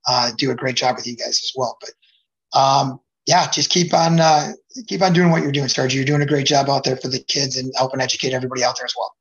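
A man's voice: medium pitch, a bit bright, lo-fi sound. A middle-aged man, a hockey coach, chatting as a podcast guest and rambling with many fillers and restarts. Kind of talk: casual podcast chat.

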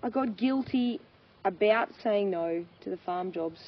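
A woman, a farmer and mother speaking candidly as an interview guest, animated and laughing often as she acts out quoted voices. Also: medium pitch, measured pace. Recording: dull lo-fi sound with faint noise.

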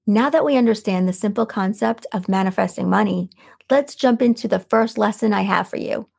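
A middle-aged woman hosting her own podcast, coaching listeners in a calm, soothing voice and reading quotes out slowly. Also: medium pitch, gravelly, breathy edge. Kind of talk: solo podcast teaching.

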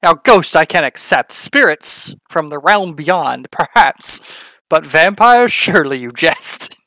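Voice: medium pitch, lively intonation, takes it slowly, sharp tone, no room sound, heavily acted. A player doing a pompous old professor. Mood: scoffing. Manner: pompous, theatrical.

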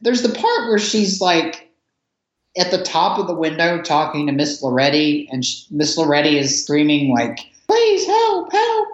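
A man's voice: a little high, normal speed. A man co-hosting a podcast, chatting casually about a film, laughing often as he retells scenes. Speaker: podcast co-host. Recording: echoey, dull lo-fi sound.

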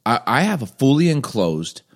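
An animated man co-hosts a podcast, speaking at a medium pitch and normal speed. He tells stories with energy and acts out the quotes, keeping it a casual chat.

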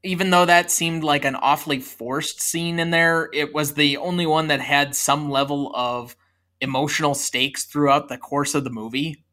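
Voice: medium pitch, steady tone, moderate pace, bright, forceful tone. A podcast co-host in a casual movie review chat, talking with a sarcastic, dismissive edge.

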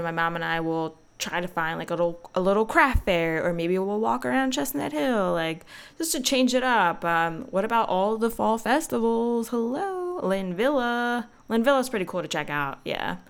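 A young woman chats casually on her solo podcast, rambling and using plenty of fillers. She has a clear, resonant voice of medium pitch and speaks at a moderate pace.

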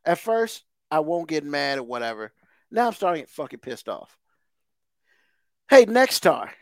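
A podcast co-host with a slightly high, sing-song voice rants heatedly about TV and football at normal speed. He swears constantly and repeats himself for emphasis in this casual, profane tirade, recorded dry at studio quality.

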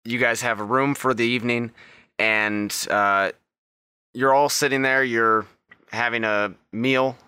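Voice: medium pitch, steady tone, unhurried, bright, forceful tone, clean tone, no echo. A game master narrating a tabletop game casually, prompting each player in turn.

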